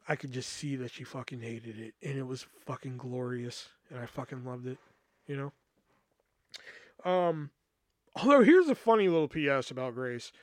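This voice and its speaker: A man's voice: fairly high pitch, expressive, moderate pace, dry recording, studio quality. A man hosting a podcast, telling a personal story in a rambling, casual way, swearing often and using many fillers. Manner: rambling, profane, lots of fillers. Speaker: podcast host.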